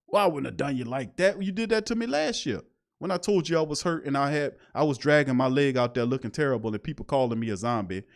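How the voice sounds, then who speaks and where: A man's voice: medium pitch, animated, quick pace, vocal fry. A man voicing a brash young football player who bluntly and crudely talks back to his coach. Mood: defiant.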